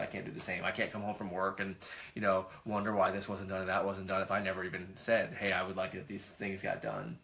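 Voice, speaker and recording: A middle-aged man with a gravelly, bright-edged voice, chatting casually as a co-host. His delivery is easygoing and rambling, with frequent restarts. His pitch sits a little on the low side. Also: slight background noise. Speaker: podcast co-host. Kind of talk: casual conversation.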